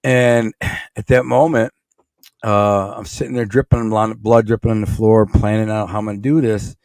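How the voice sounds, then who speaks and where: A middle-aged man from Michigan, accent intact, rambles through a story as a podcast guest, using blunt, streetwise words. His lowish, slightly mellow voice has a flat delivery at normal speed, recorded cleanly in a studio with no echo.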